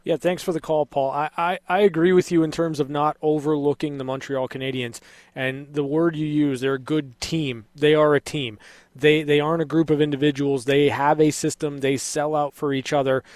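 Upbeat sports radio host, dry close mic. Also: male voice, fairly high pitch, little pitch movement, a little mellow, dry recording. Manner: upbeat, takes callers with quick greetings. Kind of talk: call-in postgame show. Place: radio studio. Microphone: broadcast mic.

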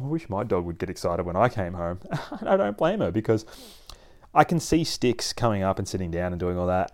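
A man explaining dog training in a casual, animated way, often laughing and acting out his dog. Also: lowish voice. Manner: animated, acts out dogs and people in playful voices, laughs often. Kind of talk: casual instructional talk.

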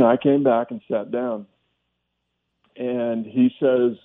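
An older man, a former pro football player, recalling a lesson from his coach in a halting, reflective way with many restarts. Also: mid-range voice, fairly even intonation. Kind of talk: storytelling in a phone interview. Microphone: phone. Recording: phone line.

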